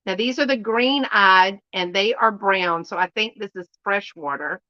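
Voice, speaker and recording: A middle-aged Southern woman from Louisiana hosts a live unboxing in an unhurried drawl. She talks in a homey, folksy way and often sinks to a near-hush. Her voice sits at a middling pitch, and the live-stream audio sounds a bit muffled. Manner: chatty and folksy, slow, often dropping to a hushed voice. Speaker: channel host. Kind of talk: casual live unboxing chat. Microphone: live stream setup.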